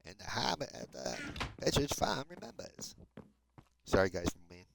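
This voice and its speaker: A man's voice: medium pitch, wildly swooping pitch, normal speed, vocal fry, background noise. A man in his fifties from New Jersey with a New Jersey accent, chatting casually and chuckling as he plays and talks to his viewers. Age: 50s. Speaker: let's play host. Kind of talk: casual gameplay commentary. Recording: mouse and keyboard clicks audible.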